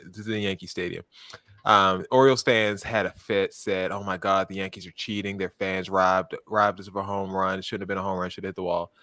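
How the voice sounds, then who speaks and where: A man from Baltimore co-hosting a casual podcast, ranting with plenty of swearing and quick self-corrections. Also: low-pitched, flat delivery, sharp tone, no room sound. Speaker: podcast co-host. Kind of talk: casual chat.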